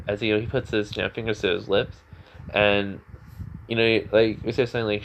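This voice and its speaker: A man's voice: lowish voice, steady tone, brisk, slight background noise, low-quality recording. Rambling man retelling a fan story. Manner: rambling, full of fillers and restarts.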